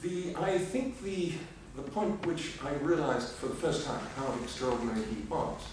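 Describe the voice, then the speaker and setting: A man's voice: fairly high pitch, animated, moderate pace, a little mellow. An older man giving a history lecture, full of ums and uhs, with dry humour. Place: lecture hall. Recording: echoey hall, voice from far off, faint hiss.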